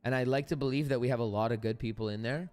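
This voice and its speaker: A man's voice: mid-range voice, fairly even intonation, fast talker, darkish tone, smooth, faint music behind. A man hosting a live stream, chatting casually and bluntly with his viewers and swearing freely. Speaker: live-stream trading host.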